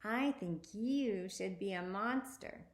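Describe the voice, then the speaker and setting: A woman voicing a sly, annoying vampire girl, the narrator's older sister, with a squeaky, high-pitched voice. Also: slow pace, echoey room, lightly acted.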